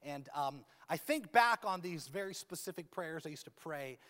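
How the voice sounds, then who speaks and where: A pastor in his thirties preaches a sermon that opens with a prayer, using a humorous, self-deprecating manner. His voice is on the high side with a sharp tone, lively intonation, and a moderate pace. The long reverb of a large church hall surrounds him.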